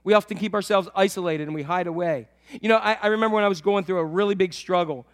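A man preaching a sermon to his church, swinging between loud emphatic lines and soft, low asides. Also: quick pace. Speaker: pastor.

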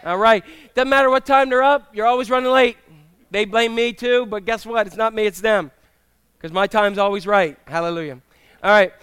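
A middle-aged male pastor preaching a sermon in a church, telling humorous stories with animated, acted-out quotes. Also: high voice, normal speed, clean tone, dry recording. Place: church sanctuary with congregation.

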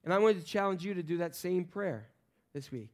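A man preaching a sermon, animated and playful, acting out voices in the stories he tells. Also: high-pitched, brisk. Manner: animated, acts out voices in quotes, jokes with the congregation. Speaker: pastor.

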